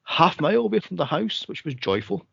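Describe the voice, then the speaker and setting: A Scottish man with a slightly higher voice tells a story in a casual chat. He is animated and loose, swears freely, and laughs through his own tale. The recording is dry and close, with a muffled lo-fi quality. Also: fairly quick, gravelly, slightly rough, no echo. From Scotland. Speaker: podcast co-host.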